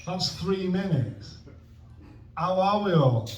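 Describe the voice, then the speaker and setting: Recorded very noisily from a distant mic in a reverberant club, a young man does open-mic stand-up for an audience. His high voice moves slowly with lively intonation as he rambles self-mockingly, awkward, often trailing off mid-joke.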